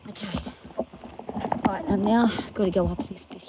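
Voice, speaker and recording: An exhausted, overheated woman talking anxiously to herself as she films while walking outdoors on rough ground. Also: medium pitch, steady tone, normal speed. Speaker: farm vlogger. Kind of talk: casual self-filmed chat while walking. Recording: loud outdoor background noise.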